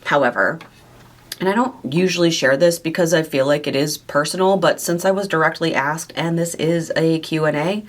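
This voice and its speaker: A woman hosting a question-and-answer vlog to camera, speaking candidly and warmly about her own weight loss journey and her affection for her viewers. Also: low-pitched, normal speed. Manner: candid, heartfelt, confiding. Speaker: weight loss surgery coach and channel host.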